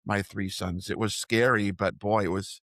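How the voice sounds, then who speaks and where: Older man with a low, earnest voice. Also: fairly even intonation, moderate pace, a bit bright, no room sound, clean studio sound. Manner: reflective, earnest storytelling. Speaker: podcast co-host. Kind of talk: casual chat.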